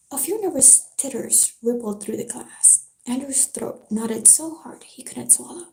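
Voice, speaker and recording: Woman, whispered book reading, slow, mellow, roomy echo, faint hiss. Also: a little high, lively intonation, vocal fry. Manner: soft whisper, slow and careful. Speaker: live-stream book reader.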